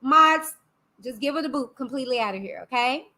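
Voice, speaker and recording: A woman's voice: high voice, fairly quick, bright, forceful tone. A woman hosting a casual live-stream commentary, sassy and chatty, talking back to her chat. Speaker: YouTube host.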